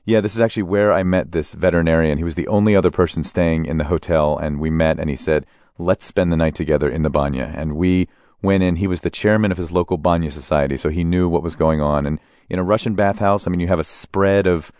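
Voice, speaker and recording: A man as an interview guest, telling relaxed anecdotes about his travels and laughing as he goes. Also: deep voice, fast talker, no room sound, studio quality. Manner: relaxed anecdotal storyteller, laughs mid-sentence. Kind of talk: conversational storytelling.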